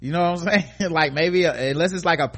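A man's voice: on the high side, fast, fairly bright tone. A man co-hosting a podcast, reading news stories aloud and mocking them in casual comedic commentary, laughing often. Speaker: podcast co-host.

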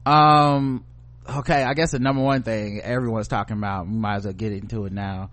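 A man's voice: lowish voice, brisk. A man co-hosting a casual podcast chat, swearing freely and slipping into mocking voices. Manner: profane, animated, does mocking voices. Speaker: podcast co-host.

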